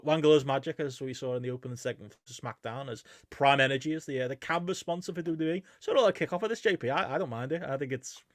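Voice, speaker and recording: A man's voice: medium pitch, dry recording, clean studio sound. A man co-hosting a podcast, running through news in casual chat with lots of fillers. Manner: quick, filler-heavy, reading news items. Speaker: podcast co-host.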